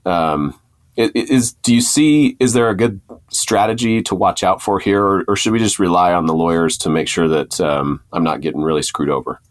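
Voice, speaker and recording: A podcast host with a very low male voice talks casually with his guest. He thinks out loud, often stops and restarts his sentences, and likes to work through the numbers. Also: moderate pace. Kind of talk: podcast interview, conversational.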